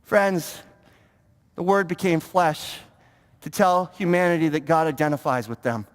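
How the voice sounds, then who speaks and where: A man preaching a sermon as pastor, talking in an animated way with stammering restarts and repeated words. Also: on the high side, a little slow. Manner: animated, stammering repetitions, mock-pious impressions. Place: church sanctuary. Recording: long reverb of a church hall.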